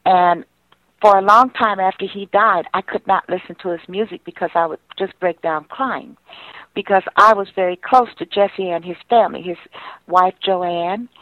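A woman's voice: medium pitch, moderate pace, no room sound. An older woman, a singer and pianist, telling heartfelt, rambling stories from her past in a radio interview. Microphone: phone line. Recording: tinny dry phone line.

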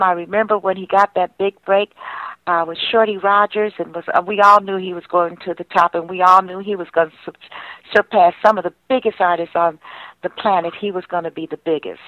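A woman's voice: mid-range voice, a bit bright, no room sound. An older woman, a singer and pianist, telling heartfelt, rambling stories from her past in a radio interview. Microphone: phone line. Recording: tinny dry phone line.

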